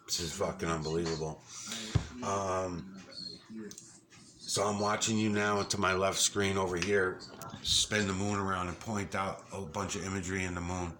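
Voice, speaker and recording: A man with a very deep, low voice talks off the cuff in a casual home vlog. He rambles, swears freely and gets excited, dotting his speech with ums and uhs, over a faint hum of room noise. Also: normal speed. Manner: rambling, profane and excitable, frequent fillers. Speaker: YouTube vlogger.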